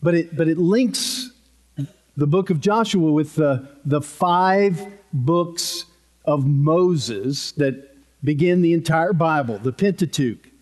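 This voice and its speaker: A man preaching a sermon in an unhurried, conversational way, with self-deprecating humor, at a podium microphone in a church. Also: on the high side, a little mellow. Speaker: pastor.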